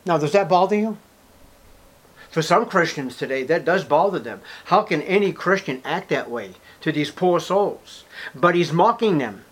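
A man preaching a sermon with dramatic storytelling, loud emphatic bursts and sarcastic rhetorical questions. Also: a little high, lively intonation, normal speed. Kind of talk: expository sermon.

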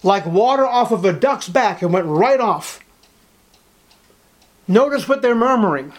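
A male preacher delivers a sermon in a fairly high voice. He is emphatic and repetitive, leaning on rhetorical questions to drive points home. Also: lively intonation, unhurried.

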